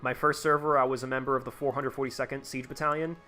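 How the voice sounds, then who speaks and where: A man's voice: medium pitch, flat delivery, fast talker, bright, forceful tone, soft background music. Rambling young man streaming a game. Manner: rambling, many fillers and restarts. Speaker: live streamer. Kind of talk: casual gameplay commentary.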